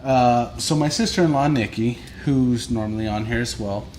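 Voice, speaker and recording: A man's voice: mid-range voice, moderate pace, a little mellow, a little hiss or hum. Joking, profane man telling stories. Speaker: podcast co-host. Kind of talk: casual bar-style chat over drinks.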